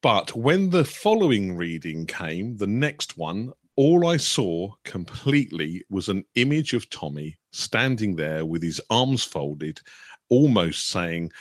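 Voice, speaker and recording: British man, lowish voice, dry close sound, halting storytelling, many ums and restarts. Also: big pitch swings, no echo. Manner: hesitant, with many fillers and restarts. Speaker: medium, guest. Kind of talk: storytelling in a chat show.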